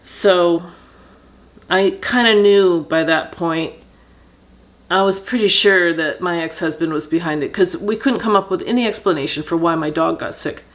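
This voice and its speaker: A middle-aged woman tells her own story to the camera in a fairly low voice. She speaks earnestly and reflectively, halting often with fillers and restarts as she gathers her thoughts. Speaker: vlogger telling personal story. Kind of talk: candid personal storytelling.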